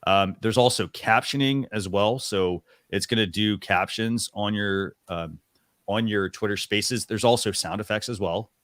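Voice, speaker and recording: A man's voice: lowish voice, unhurried, fairly bright tone, no room sound, studio quality. A man hosting a talk show, giving a casual live demo in a chatty, rambling way with lots of fillers and restarts. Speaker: show host.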